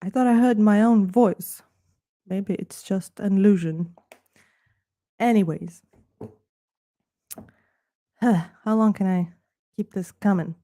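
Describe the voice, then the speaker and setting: Woman streamer, fake posh British accent, snooty and self-mocking, mellow. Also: medium pitch, slow pace, long pauses. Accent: put-on wannabe British accent. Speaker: live-stream art host. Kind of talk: casual live-stream chat.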